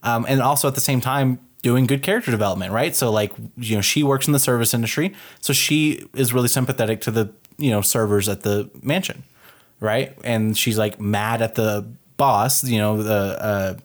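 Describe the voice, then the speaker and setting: A man's voice: mid-range voice, normal speed. A man co-hosting a podcast, chatting casually in a rambling, profane way full of fillers. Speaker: podcast co-host. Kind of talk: casual chat.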